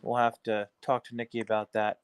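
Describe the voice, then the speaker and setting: A man's voice: medium pitch, completely flat delivery, a little fast, clean tone, no room sound. Joking man hosting a livestream. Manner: loose, joking sign-off banter. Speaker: livestream host. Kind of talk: casual livestream chat.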